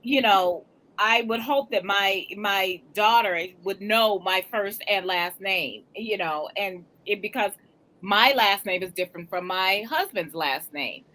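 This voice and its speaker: A woman co-hosting a casual panel chat, animated and quick to laugh. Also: mid-range voice, rough recording. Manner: animated, laughing, repeats herself. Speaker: co-host.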